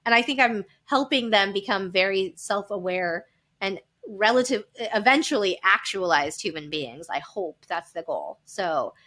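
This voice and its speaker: A woman in her thirties, a podcast guest, speaking frankly and with animation and quick laughs. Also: mid-range voice, lively intonation, bright, forceful tone. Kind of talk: candid conversational storytelling.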